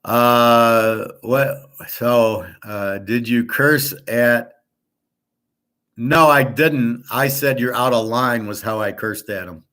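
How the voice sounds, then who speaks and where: Male host from Michigan, mid-pitched voice, blunt, profane and rambling in casual talk. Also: drawn-out words, a bit bright, clean tone. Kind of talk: casual monologue.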